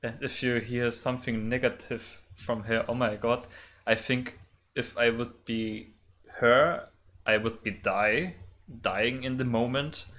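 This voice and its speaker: A woman with a German accent hosting a reaction video, excitable and constantly exclaiming. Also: rumbling low, takes it slowly. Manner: excitable, keeps exclaiming and laughing. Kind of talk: casual reaction commentary.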